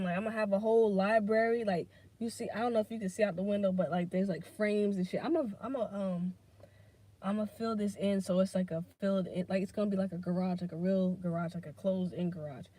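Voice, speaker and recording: A woman's voice: medium pitch, steady tone, fast, mellow. A woman hosting a casual solo podcast, rambling between topics and swearing freely as she talks things through. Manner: drifts between topics, many fillers. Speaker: podcast host.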